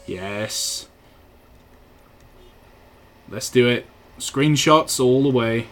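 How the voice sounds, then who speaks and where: A man's voice: mid-range voice, extremely slow, pauses often, a bit bright, a little hiss or hum. A young man from Wales with a Welsh accent, chatting casually and teasing his viewers while live-streaming a train game from home on a desk microphone. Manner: chatty and teasing, answers chat messages.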